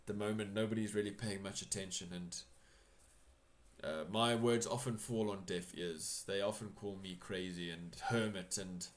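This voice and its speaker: A man's voice: lowish voice, steady tone, moderate pace, close to an everyday voice. A man voicing a worried old hermit who is shunned as crazy, speaking hesitantly and rambling gloomily. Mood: worried, gloomy.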